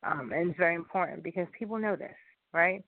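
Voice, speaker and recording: A man's voice: high voice, fast, creaky, no room sound. A man talking in a rambling casual monologue, often repeating himself and restarting sentences. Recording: tinny phone-like sound, dry.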